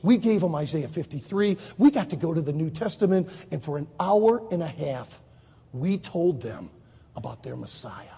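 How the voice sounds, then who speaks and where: A man preaching a sermon to high school students, telling a story with lively acted voices. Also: normal speed, creaky, slightly rough, big-room sound. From United States. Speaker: Baptist preacher.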